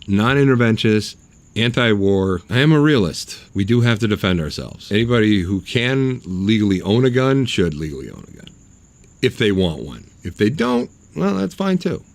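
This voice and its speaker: A man's voice: lowish voice, big pitch swings, moderate pace. A man hosting his own podcast, talking in a blunt, sarcastic and mocking way. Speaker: podcast host. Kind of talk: opinionated solo podcast monologue.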